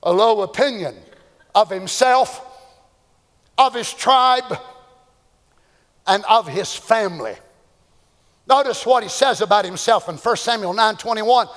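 A man preaching a fervent sermon, swinging between shouts and hushed asides, with long hall reverb. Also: high voice, measured pace, pauses often. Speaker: pastor. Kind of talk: Pentecostal sermon.

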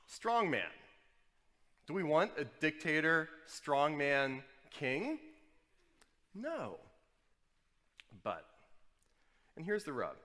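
A man from New Orleans preaching a sermon, with animated storytelling and wry asides. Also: a little high, big-room sound. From New Orleans, USA. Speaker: pastor.

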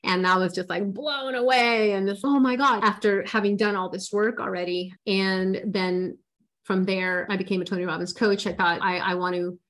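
A woman's voice: mid-range voice, fairly even intonation, normal speed, fairly bright tone. Earnest woman life coach telling her story. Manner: earnest, emotional, spiritual storytelling with many restarts. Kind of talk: interview storytelling.

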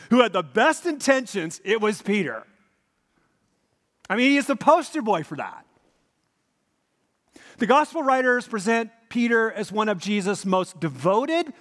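Animated preacher in a reverberant church. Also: male voice, high voice. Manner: dramatic, vivid storytelling with repeated key points. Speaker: pastor. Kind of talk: sermon.

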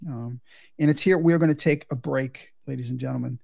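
A man co-hosting a show, recapping a film plot in a halting way with many fillers. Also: mid-range voice, gravelly, darkish tone. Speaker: podcast co-host.

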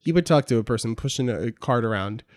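A man's voice: medium pitch, animated, fast talker, a little mellow, dry recording. Wry man in dry close chat. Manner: wry, joking, mock-serious. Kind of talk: casual chat.

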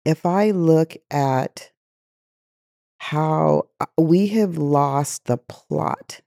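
A woman's voice: low voice, slow, vocal fry, mellow, dry recording, clean studio sound. A woman guest in an interview, speaking with passion and asking emphatic rhetorical questions. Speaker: guest, chief diversity officer. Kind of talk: interview conversation.

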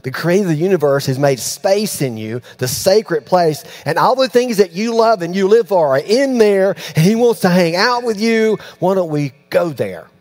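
A pastor with a fairly high-pitched voice preaches through lively storytelling, imitating the voices of the people in his stories and going hushed for the quiet lines. He talks at a normal speed and barely pauses. A faint electrical hum runs beneath the recording.

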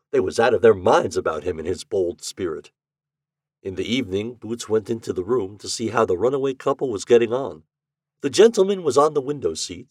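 Man, storybook narrator, expressive, animated pitch, dry sound. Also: no room sound. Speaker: podcast narrator. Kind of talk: reading classic fiction aloud.

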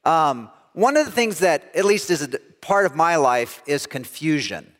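Animated man preaching in a church hall. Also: on the high side, normal speed. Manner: storytelling, self-deprecating, animated delivery. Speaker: pastor. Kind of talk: sermon. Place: church sanctuary.

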